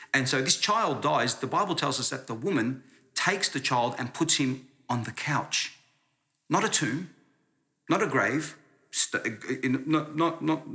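A man's voice: medium pitch, pushed and bright. A man preaching a sermon as pastor, earnest and conversational, often restarting his words.

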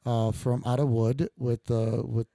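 A man's voice: mid-range voice, level tone, measured pace, vocal fry, warm tone, no echo. A man hosting a podcast, telling family stories in a rambling, laughing way with many fillers. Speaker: podcast host. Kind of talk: casual heartfelt chat.

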